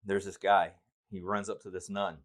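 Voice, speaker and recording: An older man co-hosting a comedy channel, telling jokes in a low-key, dry way. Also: little pitch movement, normal speed. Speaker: joke-telling co-host. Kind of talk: casual joke telling.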